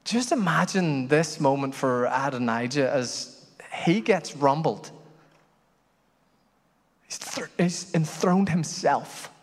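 A man preaching a sermon as pastor, telling stories in an animated way that swings from loud to hushed. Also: a little high, slow, pauses often. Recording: long hall reverb.

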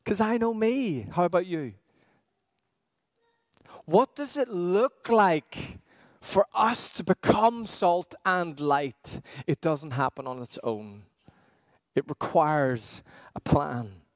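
A man preaching a sermon as pastor, earnest and questioning, with emphatic pauses. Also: on the high side, expressive, dry recording.

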